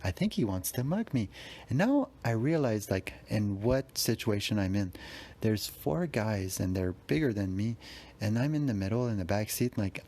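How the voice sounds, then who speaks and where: Lively storyteller. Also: male voice. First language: French. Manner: animated, acts out quoted dialogue with big pitch jumps. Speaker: podcast guest. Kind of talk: casual storytelling.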